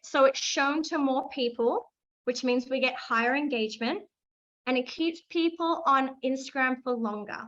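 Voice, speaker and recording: A high, bright-toned Australian woman teaches a live online masterclass as a social media coach. She is eager, hammers key phrases by repeating them, and keeps calling on the chat. Her voice comes through slightly dull, lo-fi livestream audio. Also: normal speed.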